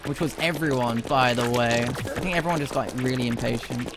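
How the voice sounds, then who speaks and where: A gaming streamer gives gameplay commentary in a mid-range voice, speaking a little fast. Between plays, he banters with his chat and mock-scolds them. Heavy background noise and game music come through behind him.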